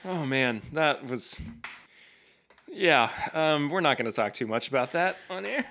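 A man's voice: a little high, lively intonation, measured pace, bright, forceful tone. A man co-hosting a podcast in casual chat, talking loosely with plenty of fillers and restarts. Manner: conversational, with frequent fillers and restarts. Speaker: podcast co-host.

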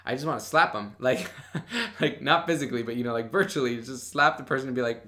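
A man's voice: medium pitch, fairly even intonation, racing, bright, forceful tone. Passionate young man talking about faith. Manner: passionate and bold, fillers like "like". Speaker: Bible study podcaster. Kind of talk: casual devotional podcast talk.

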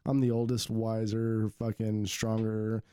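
A man's voice: on the low side, monotone, unhurried, mellow, clean tone, no room sound, studio quality. A man in his thirties hosting a podcast, telling stories in a blunt, profane, laughing way during casual chat. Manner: blunt, swearing, laughing storyteller. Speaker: podcast host.

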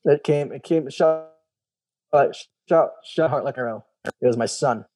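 A man's voice: mid-range voice, moderate pace. A man, a former special operations soldier, telling his personal story candidly in an interview, acting out the voices of people he quotes and swearing casually.

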